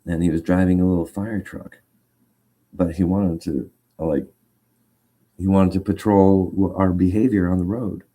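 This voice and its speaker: Man, agitated rambling storyteller; very dark, low-set voice. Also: fairly even intonation, moderate pace. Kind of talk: casual rant.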